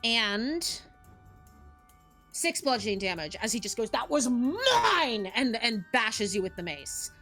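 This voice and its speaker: A woman's voice: mid-range voice, lively intonation, a little slow, long pauses, bright, forceful tone, soft background music. A woman narrating as game master of a tabletop game, upbeat and often laughing.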